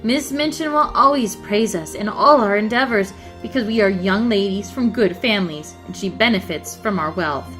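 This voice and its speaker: A woman's voice: mid-range voice, moderate pace, few pauses, fairly bright tone, soft background music, lightly acted. A woman reading as a prim, haughty rich schoolgirl. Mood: lecturing. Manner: lecturing, superior.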